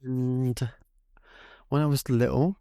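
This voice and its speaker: A man, co-hosting a podcast and telling a childhood story in an animated, chatty way. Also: takes it slowly, no echo, studio quality. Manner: animated, acts out voices with big pitch jumps. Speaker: podcast co-host. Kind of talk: casual storytelling chat.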